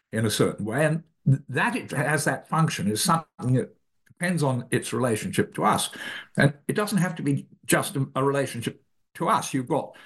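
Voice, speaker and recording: An older man answering interview questions about his ideas. His pitch rises and falls freely as he talks. He pauses and restarts phrases often, working through each point. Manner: thoughtful, halting, restarts phrases. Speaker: philosopher, author.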